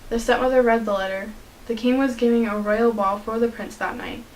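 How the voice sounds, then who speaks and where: A teenage young woman reading a children's storybook aloud in a steady, clear narrating voice. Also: fairly high pitch, brisk, a little hiss or hum, poor audio. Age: teens. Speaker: student reader.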